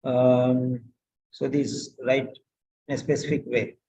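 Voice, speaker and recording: A man tutoring nursing students, correcting a written letter aloud, slow and repetitive, often asking pointed questions. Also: medium pitch, flat delivery, warm tone, a little hiss or hum, poor audio.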